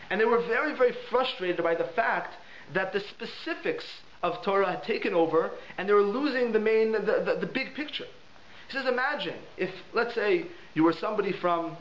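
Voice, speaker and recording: Male rabbi, lively teaching style with heavy repetition; high voice, muffled lo-fi recording with faint hiss. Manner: animated, repeats words for emphasis. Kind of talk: holiday Torah lesson with storytelling. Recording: echoey room, dull lo-fi sound, faint hiss.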